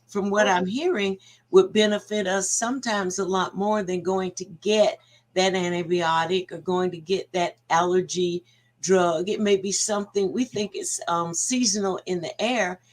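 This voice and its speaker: Give me a woman talk show host in a reflective, conversational tone. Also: on the low side. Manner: reflective, sums up and adds her own story.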